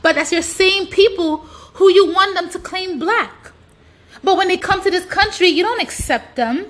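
A woman social media commentator delivers a blunt, profane rant, hammering her points home through repetition. Her voice is extremely high-pitched and a bit bright, at a moderate pace.

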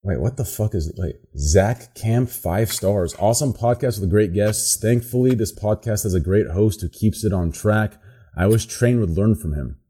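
Man, low voice, mellow tone, casual podcast chat, reads reviews, rambling and laid-back. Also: normal speed, husky. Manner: laid-back, trails off and repeats words, swears when amused. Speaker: podcast co-host reading listener reviews.

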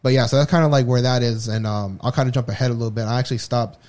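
This podcast co-host's voice is medium-pitched, steady, and darkish, and he talks at a racing clip. He recounts something personal in a loose, candid way, often starting over.

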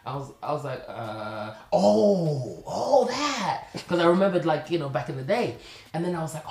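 A man's voice: on the high side, big pitch swings, normal speed, vocal fry, a little mellow, a little hiss or hum. A man from Zimbabwe hosting a casual podcast chat, telling stories with animation and then turning earnest and reflective. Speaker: podcast host. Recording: roomy echo.

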